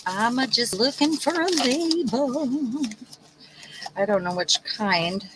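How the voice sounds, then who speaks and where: A woman's voice: on the high side, slow pace, noisy background. A woman co-hosting a craft livestream, chatting in a rambling way while she works. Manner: animated, rambling. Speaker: livestream co-host. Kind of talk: casual chat while crafting.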